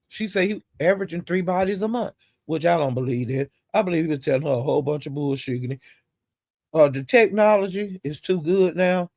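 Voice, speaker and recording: A woman's voice: fairly low pitch, a little mellow, no room sound, clean studio sound. A woman vlogger giving casual gossip commentary, blunt and profane, sounding exasperated as she retells the drama.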